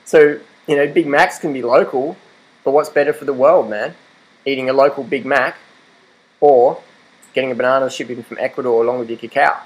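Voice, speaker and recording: A man's voice: mid-range voice, fairly even intonation, fairly quick, slightly rough, rough recording. A young Australian man in a casual vlog, rambling and laughing as he talks to his dog and argues his point. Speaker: vlogger. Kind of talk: casual rant to camera.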